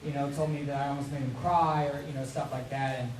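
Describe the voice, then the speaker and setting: A man voice actor on a convention panel, talking excitedly with many stammered restarts. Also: mid-range voice, quick pace, slight background noise. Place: large convention hall, far from mic. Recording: echoey hall from far off.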